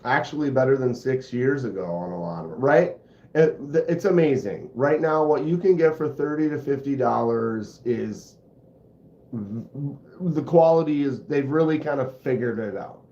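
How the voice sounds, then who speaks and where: A man's voice: mid-range voice, lively intonation, moderate pace, dark tone. A man hosting a casual livestream and chatting in a rambling, self-deprecating way. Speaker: host of a knife channel livestream. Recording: roomy, slightly dull sound.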